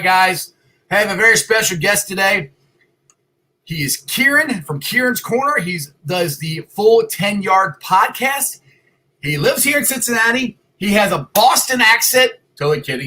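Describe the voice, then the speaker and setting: A man hosting a casual sports talk show from a home computer, loud and excitable, rambling with restarts. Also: sits high, moderate pace, rough recording. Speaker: podcast host. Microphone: computer mic.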